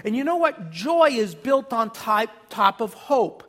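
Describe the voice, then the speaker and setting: An emphatic, encouraging pastor preaches to a congregation, guiding the church to repeat a phrase back to him. The voice is mid-range and a bit bright, unhurried, with big swings in pitch.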